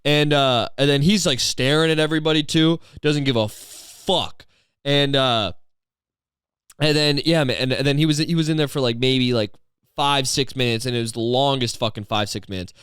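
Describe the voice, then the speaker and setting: A man who is a comedian and podcast host, telling a rambling, profane story in a deadpan, digressive way. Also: mid-range voice, normal speed, smooth, no room sound, studio quality.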